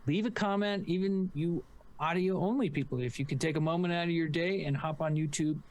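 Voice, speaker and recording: A man's voice: fairly high pitch, a little fast, darkish tone. Chatty man co-hosting a podcast. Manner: rambling, joking, lots of fillers and restarts. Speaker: podcast co-host. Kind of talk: casual podcast chat.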